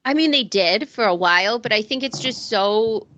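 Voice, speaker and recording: A woman's voice: on the high side, lively intonation, normal speed, sharp tone, lo-fi sound. A woman co-hosting a podcast in casual chat, gossipy and blunt, swearing freely. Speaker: podcast co-host.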